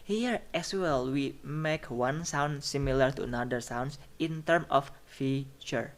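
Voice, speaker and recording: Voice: medium pitch, a little slow. Repetitive phonetics lecturer checking in often. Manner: repeats each example and checks in with "okay" and "right?". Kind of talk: recorded online lecture over slides.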